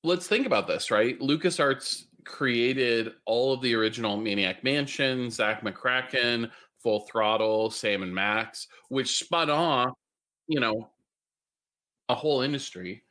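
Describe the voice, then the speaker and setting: A man co-hosting a gaming podcast in casual chat, measured and thoughtful, with the odd blunt jab. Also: medium pitch, sharp tone. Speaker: podcast co-host.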